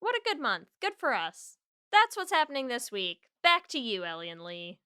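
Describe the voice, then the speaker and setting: A woman's voice: a little high, big pitch swings, moderate pace, bright, forceful tone, clear, resonant tone. A woman co-hosting a podcast in playful, chatty talk, also reading a synopsis aloud. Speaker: podcast co-host. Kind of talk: casual podcast chat.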